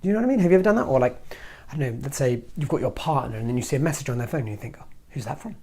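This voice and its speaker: Man, self-help video host, breathy voice, animated motivational talk, mid pitch. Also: racing. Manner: animated, acts out inner thoughts in hushed voices.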